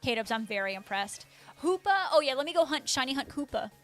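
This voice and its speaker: Bubbly high-voiced woman streamer. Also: big pitch swings, fairly quick, faint music behind. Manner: bubbly, chatty, reads chat aloud. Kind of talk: casual live-stream chat.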